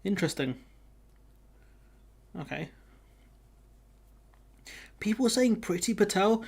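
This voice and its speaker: Male streamer, a little high-pitched, relaxed and chatty, reacts to his viewers' comments. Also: moderate pace. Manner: chatty, reads viewer comments aloud, runs polls. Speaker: livestream host. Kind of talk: casual live-stream chat.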